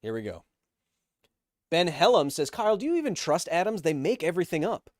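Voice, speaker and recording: A man's voice: on the high side, big pitch swings, brisk, a little mellow, no room sound, clean studio sound. Joking man hosting a livestream. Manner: joking, playfully self-mocking. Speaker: livestream host reading donations. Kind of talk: casual livestream chat.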